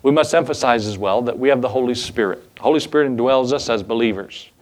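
A man's voice: medium pitch, fast, darkish tone. A male pastor preaching a sermon in a casual, folksy way, with asides and chuckles.

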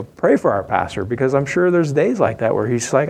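A man's voice: mid-range voice, expressive, moderate pace, vocal fry, few pauses. A man preaching a sermon in a folksy, humorous, conversational storytelling way.

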